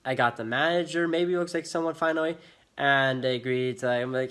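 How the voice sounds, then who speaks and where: A man's voice: medium pitch, steady tone, brisk, fairly bright tone. A young American man telling an agitated storytime rant in his vlog, swearing often as he talks. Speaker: vlogger.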